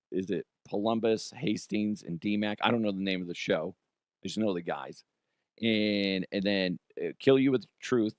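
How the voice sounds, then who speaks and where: A man's voice: medium pitch, no echo, clean studio sound. A man hosting his own podcast, telling stories in a rambling, joking way, laughing at himself and swearing freely. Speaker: podcast host. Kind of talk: casual solo podcast talk.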